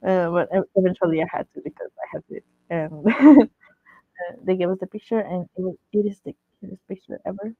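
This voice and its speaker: Woman vlogger, excitable fan storyteller with lots of giggles, heard over a tinny phone-like line. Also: mid-range voice, brisk, vocal fry, breathy edge, dry recording. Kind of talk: casual story time.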